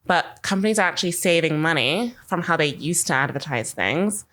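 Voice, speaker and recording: Low-voiced young woman, chatty and rambling. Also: expressive, brisk, fairly bright tone. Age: young adult. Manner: chatty, rambling, uses "like" constantly. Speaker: marketing podcast co-host. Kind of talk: casual chat.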